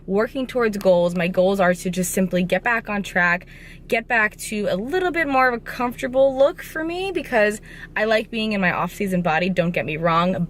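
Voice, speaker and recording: An upbeat young woman in her twenties talks casually to her viewers, chatty and direct. Her pitch sits mid-range, with faint background noise under her handheld camera mic. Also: fairly bright tone. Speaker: fitness vlogger. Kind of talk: casual vlog chat to camera.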